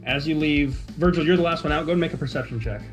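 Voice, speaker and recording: A man runs a tabletop game, describing the scene in a loose, casual way full of "like" and "kind of." Faint music plays softly behind his voice. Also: fairly high pitch, fast. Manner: loose, filler-heavy narration. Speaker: game master.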